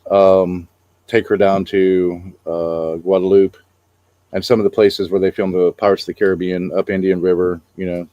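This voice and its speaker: A man's voice: low-pitched, flat delivery, normal speed, warm tone, no room sound, muffled recording. A middle-aged man co-hosting a casual chat, rambling about travel with many fillers. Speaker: co-host.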